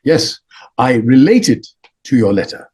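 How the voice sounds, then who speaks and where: A gentle elderly monk, as a man puts him on, speaks in slow, halting broken English with calm authority. The voice sits a little higher than the speaker's own and carries a soft, husky breath. Each phrase is weighed and unhurried. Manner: calm, measured teaching tone. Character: serene elderly male monk, gentle and wise.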